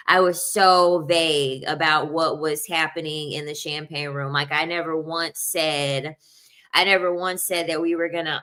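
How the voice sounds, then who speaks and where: A young adult woman telling personal stories in a casual, animated way, laughing often and acting out what people said. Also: fairly low pitch. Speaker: video host. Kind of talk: casual storytelling.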